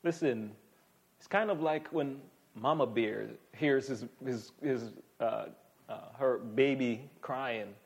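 A pastor preaching a sermon in an emphatic, conversational way, often calling on listeners to listen. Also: male voice, mid-range voice, slow, husky.

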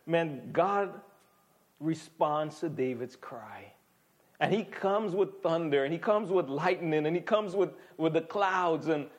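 Fairly high-voiced man preaching a sermon. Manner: emphatic, conversational preaching with repeated calls to listen. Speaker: pastor.

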